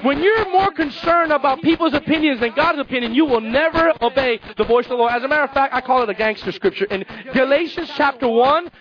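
A male pastor preaching a sermon, animated, repeating phrases and acting out Bible characters. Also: very high-pitched, fast, few pauses, muffled recording, crowd noise.

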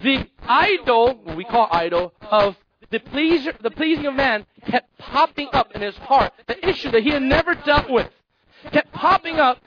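A male pastor preaching a sermon, animated, repeating phrases and acting out Bible characters. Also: extremely high pitch, lo-fi sound.

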